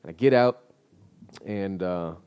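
A man's voice: low voice, unhurried, dark tone, smooth. Laid-back young man spinning a story. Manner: laid-back slang-heavy storytelling with many fillers. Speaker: guest business owner. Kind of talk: casual storytelling.

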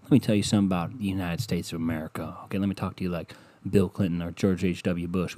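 Ranting, sarcastic man with a lowish voice. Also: level tone, fast, no echo. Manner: ranting, sarcastic, profane, with sudden loud bursts. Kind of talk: rambling comedic monologue.

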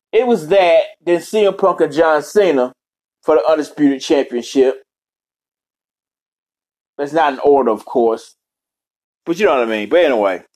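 A man's voice: fairly high pitch, darkish tone. A man in a casual, rambling rant, cursing constantly and jumping between topics. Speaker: vlogger.

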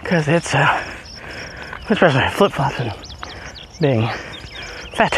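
A man chatting casually as he walks his dogs up a hilly road outdoors, a bit out of breath, now and then calling the dogs in a high sing-song voice. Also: lively intonation, slow, long pauses, a bit bright, a little hiss or hum. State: out of breath from walking uphill. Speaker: podcast host. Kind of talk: casual walking vlog.

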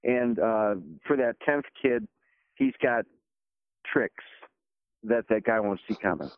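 A man's voice: medium pitch, takes it slowly, dry recording. Rambling man on a tinny phone line. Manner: rambling, animated storyteller. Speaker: guest. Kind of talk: casual chat over a phone call.

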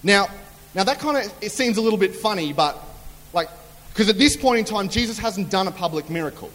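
A man's voice: high voice, animated, brisk, a bit bright. A man preaching a humorous sermon in a chatty storytelling way, acting out quotes. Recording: long hall reverb.

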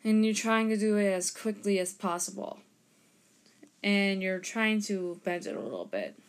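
A young woman hosting a casual harmonica lesson, explaining step by step and pausing to demonstrate. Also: medium pitch, animated, over music. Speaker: harmonica teacher and podcast host. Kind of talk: casual instructional talk.

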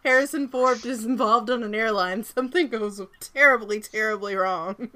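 Casting: a woman co-host with a light Southern accent, higher pitch, bright, animated storyteller. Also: normal speed. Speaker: podcast co-host. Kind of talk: casual podcast chat.

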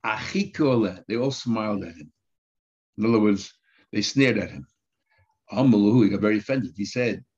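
A man's voice: medium pitch, a little mellow, breathy edge. A man teaching a Talmud page line by line, mixing Aramaic terms into English and asking rhetorical questions. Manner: asks rhetorical questions, repeats words while thinking. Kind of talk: daf yomi Talmud lesson. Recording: dull lo-fi sound.

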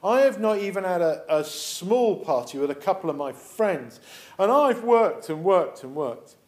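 A man's voice: high voice, lively intonation, unhurried, darkish tone. A man voicing a resentful, hard-working older brother who complains indignantly.

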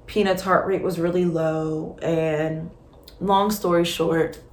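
A young woman hosting a podcast, telling a personal story in a candid, expressive, conversational way with frequent fillers. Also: on the low side, slow pace. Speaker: podcast host. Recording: roomy echo with faint background hum. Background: faint ambient noise, passing truck.

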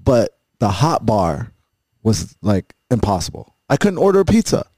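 A man's voice: lowish voice, big pitch swings, normal speed, darkish tone, no echo. A man hosting a podcast, telling a long story in a loose, profane, rambling way, full of restarts and asides. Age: adult with a school-age son. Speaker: podcast host. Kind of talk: casual podcast chat.

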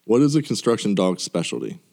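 A man co-hosting a casual chat, telling deadpan jokes and laughing loudly. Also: lowish voice, fairly quick, gravelly. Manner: jokey, deadpan punchlines, big laughs.

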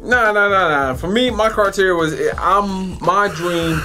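A man's voice: high-pitched, measured pace, music in the background. A man, co-hosting a podcast in blunt, profane banter. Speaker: podcast co-host. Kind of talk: casual podcast chat.

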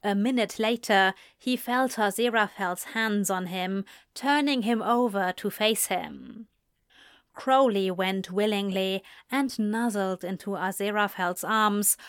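A woman narrating a story in a slow, measured reading voice. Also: medium pitch, dry recording, clean studio sound. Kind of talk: scripted narration of fan fiction.

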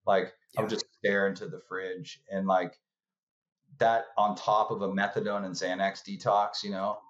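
A man from California tells his story in an easy, rambling way, full of fillers, and slips into quoted voices along the way. His voice sits low. The sound is dull and lo-fi. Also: little pitch movement, normal speed. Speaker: guest. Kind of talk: casual storytelling.

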